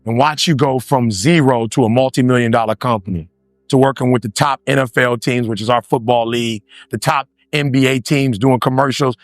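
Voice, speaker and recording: A man giving an animated motivational speech, repeating lines for emphasis and acting out other voices. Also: mid-range voice, a little fast, no echo, studio quality. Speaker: motivational speaker.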